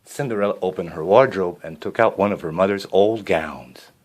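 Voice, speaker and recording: A man reading a children's storybook aloud, expressive, with a few small slips and restarts. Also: low voice, moderate pace.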